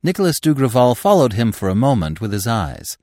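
A man narrating a classic story for an audiobook podcast, in an expressive, theatrical way. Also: medium pitch, fairly quick, no echo, studio quality. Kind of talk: dramatic audiobook reading.

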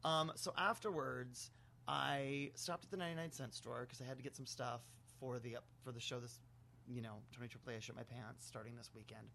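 A man's voice: medium pitch, steady tone, a little fast, vocal fry, pushed and bright, slight background noise. A man host telling a comic story in casual, chatty talk, swearing freely and acting out the people in it. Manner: acts out other people in the story.

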